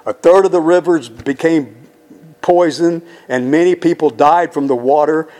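A man's voice: a little high, normal speed, warm tone. A man teaching the Bible verse by verse in an emphatic, conversational way, often putting questions to his listeners.

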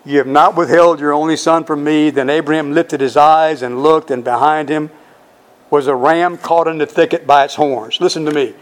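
A man preaching a sermon, reading scripture aloud and explaining it with drawn-out, emphatic stresses on key words. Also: fairly high pitch, steady tone.

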